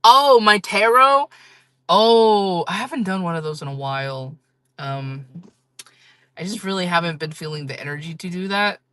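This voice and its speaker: A woman's voice: lowish voice, normal speed, smooth, dry recording. A woman chatting casually on a livestream with her viewers, blunt and frank, laughing often and swearing freely.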